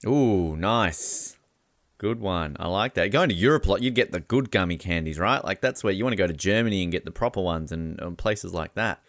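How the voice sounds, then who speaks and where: A man's voice: low-pitched, animated, fairly quick, no echo, studio quality. A man hosting an interview, chatty and joking, calling his guest "mate". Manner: chatty, jokey, says "mate". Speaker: interview host. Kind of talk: casual interview chat.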